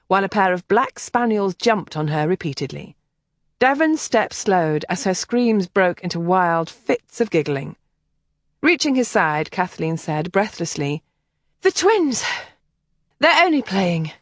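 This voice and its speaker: A woman narrating an audiobook with expressive, lively storytelling that rises and falls freely. Her voice is mid-pitched and sits close to the mic in a dry, dead space. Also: moderate pace, dry recording. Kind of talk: scripted narration.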